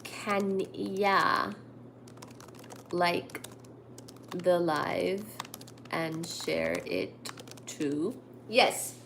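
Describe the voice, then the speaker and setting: A woman's voice: on the low side, drawn-out words, creaky, long pauses, fairly bright tone, a little hiss or hum. A woman hosting a casual live stream from home, chatting with viewers and reading their comments aloud. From India. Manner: chatty, reads viewer comments aloud, coos at her cat. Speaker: livestream host. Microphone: laptop.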